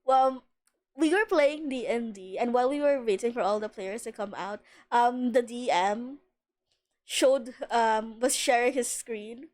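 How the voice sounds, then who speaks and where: A young woman streaming a video game live, chatting casually. She is excitable, greets viewers, and swears now and then. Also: fairly high pitch, a little slow. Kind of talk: casual livestream commentary.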